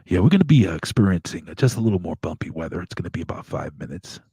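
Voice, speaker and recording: A man's voice: deep voice, big pitch swings, very fast, mellow, slightly rough, no echo, studio quality, exaggerated voice. A man imitating a frustrated airline pilot who rambles through his cabin announcements with many hesitations. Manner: hesitant, full of uhs, weary complaining announcements.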